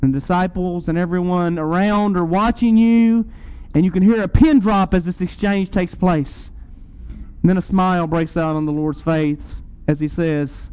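Male preacher, high mellow voice, earnest sermon delivery with emphatic surges. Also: fairly even intonation, normal speed, smooth, rough recording. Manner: earnest, rising to emphatic peaks.

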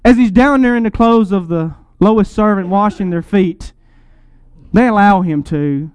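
A man preaching a sermon, explaining scripture and Greek words in a teaching tone. He swells up on lists of titles and drops low for emphasis. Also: normal speed, a little mellow, smooth, no echo.

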